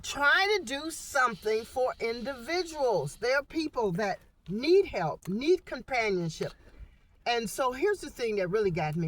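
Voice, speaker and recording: A woman's voice: a little high, sing-song, measured pace. Heated rambling woman vlogging in a truck. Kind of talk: ranting vlog monologue. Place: inside a small parked truck.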